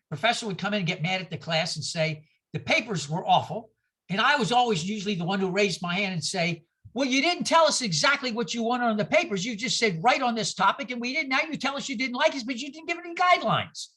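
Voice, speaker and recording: Minister, Bible study, bright tense voice, animated, rhetorical questions, talks to the group. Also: medium pitch, quick pace, husky. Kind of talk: conversational Bible study talk. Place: church gathering.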